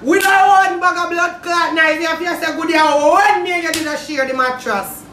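A Jamaican woman with a very high voice rants loudly in a comedy skit, shouting and swearing freely. She sounds roomy and echoey, a little away from the mic. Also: steady tone, moderate pace, recorded from a distance, slight background noise. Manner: loud, shouting, profane.

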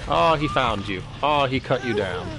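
A man's voice: mid-range voice, animated, moderate pace, music in the background. A man giving playful, self-mocking commentary while playing a video game, exclaiming and talking to the other players. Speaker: gaming streamer. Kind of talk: let's-play commentary.

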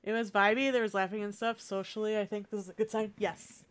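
A woman live-streaming a cozy farming game, chatting to herself and her viewers as she plays. Her voice is smooth and clear, sitting at an ordinary pitch for a woman. She sounds chatty and encouraging. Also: level tone, fast talker. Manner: chatty, encouraging, self-talk. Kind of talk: casual live-stream chat over gameplay.

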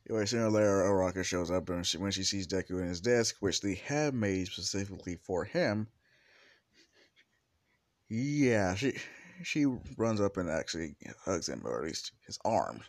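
A man casually retelling a fan story, rambling and animated, cussing now and then. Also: sits low, no room sound, clean studio sound. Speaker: fan fiction narrator.

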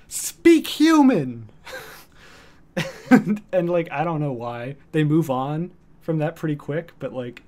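A man streaming from home in casual chat, rambling with lots of fillers and cooing softly at his cat. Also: mid-range voice.

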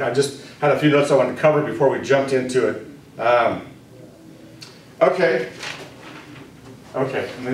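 Guy teaching spiritual stuff to a small group, slow and deliberate, repeats himself, lots of room echo and faint hiss. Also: mid-range voice. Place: room with a live audience. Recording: very echoey room, distant mic, faint noise.

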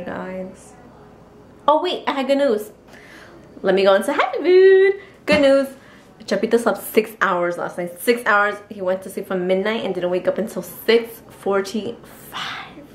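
A woman chatting to her camera in a casual daily vlog, talkative and expressive, tossing in Spanish words, first at home and then on a city street. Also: medium pitch, a little hiss or hum. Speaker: family vlogger. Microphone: handheld vlog camera.

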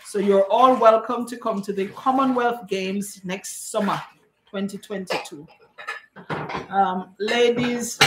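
A woman's voice: medium pitch, unhurried, noisy background. A woman hosting a live cooking stream, chatting and greeting viewers by name as she reads their comments. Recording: echoey room.

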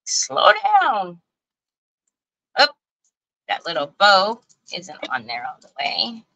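A woman's voice: fairly low pitch, very animated, a little slow, pushed and bright, low-quality recording. A woman, hosting a casual craft livestream in a chatty, folksy way and talking straight to her viewers. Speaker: craft show host.

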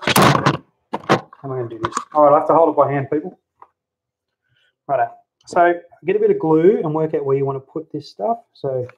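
A man giving a relaxed, chatty how-to while working on a hobby model at home, talking into a handheld camera. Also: a little high. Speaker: hobby model builder, channel host. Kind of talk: casual how-to crafting chat. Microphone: handheld camera mic. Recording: dull lo-fi camera audio.

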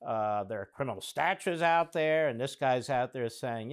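A man's voice: medium pitch, animated, normal speed. A man hosting a political commentary show, reacting to clips in a sarcastic, indignant monologue.

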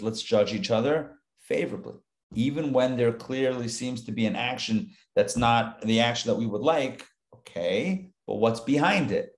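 A man's voice: medium pitch, darkish tone. Joking, conversational male rabbi teaching. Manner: conversational, joking asides while reading the text aloud. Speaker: rabbi teaching a daily Torah class. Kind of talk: live Torah lesson.

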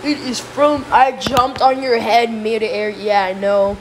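A woman streaming a game live, chatting casually and breaking into excited yelps when she is chased. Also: a little high, measured pace, background noise. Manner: casual, says "bro" a lot. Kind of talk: live gameplay commentary.

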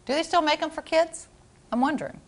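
A woman's voice: sits high, a little fast. A woman co-hosting a morning show, musing aloud and reacting in casual banter. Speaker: news co-host.

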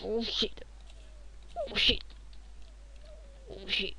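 A young man, rambling and joking as he narrates his own computer game, now and then shouting at enemies. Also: fairly high pitch, moderate pace, pauses often, smooth. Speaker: gamer playing on video. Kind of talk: casual game commentary.

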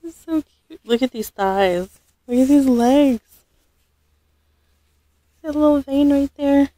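A woman vlogging an unboxing, gushing and halting, often losing her words. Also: high-pitched, warm tone, no echo. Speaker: vlogger unboxing a reborn doll. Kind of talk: casual unboxing vlog.

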